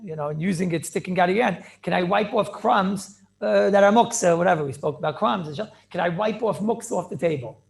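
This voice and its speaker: A rabbi teaching a Talmudic class over a video call, repeating phrases and checking in with "right?" and "clear?". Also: male voice, high-pitched, a little fast, hardly any pauses.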